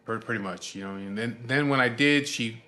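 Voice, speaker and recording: A man's voice: medium pitch, fast talker, pushed and bright. Man, 40s, show host, casual profane storyteller with lots of fillers, mid-range voice.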